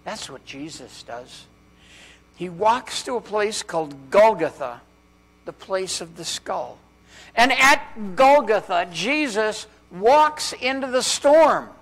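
A male pastor preaching a sermon in a church, with dramatic pauses and strings of rhetorical questions, dropping to a hush on key words. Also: sits high, expressive. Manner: drops to a hushed voice on key words.

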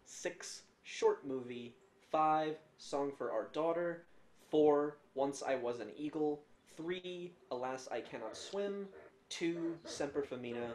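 A man co-hosting a casual music podcast, listing things at an unhurried, steady pace. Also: on the high side. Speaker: podcast co-host.

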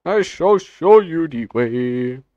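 A man voicing a meme echidna clan leader who chants slowly and solemnly about the way, on a dull, dry mic. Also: a little high, animated, mellow, no echo. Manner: slow, solemn, chanting repetition.

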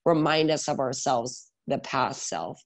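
A man in his thirties talks through his career on an interview podcast, lively and animated. His voice sits in an ordinary middle register, and he keeps checking in with the listener with a quick "right?". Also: medium pitch, creaky. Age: 30s. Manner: energetic, animated storytelling with many filler "like" and "right?". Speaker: guest, salon owner and educator.

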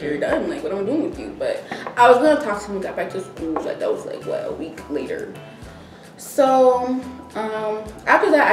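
A young woman vlogger casually telling a story, acting out what everyone said. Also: medium pitch. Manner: animated, acts out quoted dialogue. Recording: roomy echo, distant mic, faint music.

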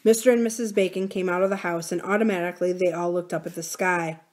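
A woman hosting a library reading series, reading a novel aloud in a steady, measured way. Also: fairly low pitch. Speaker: library book-reading host.

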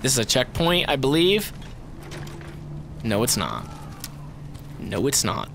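A man giving profane, excitable let's play commentary, swinging from mutters to shouts and talking to the enemies on screen. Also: medium pitch, slow pace, gravelly, a little hiss or hum. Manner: talks to the game and its enemies. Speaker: gamer.

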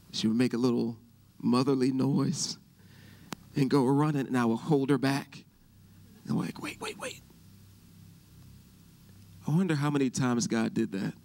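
A middle-aged man preaching a sermon as pastor. He keeps asking the congregation if they hear him and builds to loud shouts. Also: mid-range voice, gravelly, a little hiss or hum. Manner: preaching with call-and-response questions, rising to shouts.

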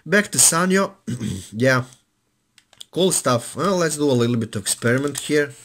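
A man's voice: medium pitch, expressive, a little slow, a bit bright. A man casually reviewing an old cassette recorder indoors, laid-back and rambling, with lots of filler sounds.

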